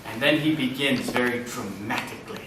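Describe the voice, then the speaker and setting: A man giving an animated lecture in a lecture room, with big swings in loudness. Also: mid-range voice, normal speed, heavy background noise. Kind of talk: lecture on presenting. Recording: echoey room from far off.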